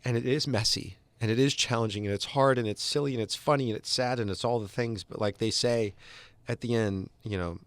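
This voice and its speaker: A man's voice: mid-range voice, fairly quick, hardly any pauses, no echo. A man in his thirties co-hosting a podcast, talking in an earnest, emotional, gushing way. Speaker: podcast co-host. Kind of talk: casual chat.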